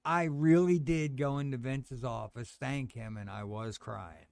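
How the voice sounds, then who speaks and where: A man telling stories as a podcast guest, acting out quotes with sudden loud high yelps. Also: steady tone, unhurried, vocal fry, clear, resonant tone, no echo, clean studio sound. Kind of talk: casual storytelling.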